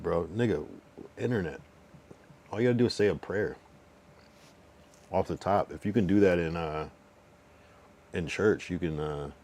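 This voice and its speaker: A young man with a warm, low voice banters on his livestream, reading chat and replying casually. He teases and trash-talks with swearing and slang, rambling loosely with restarts and drawn-out counting.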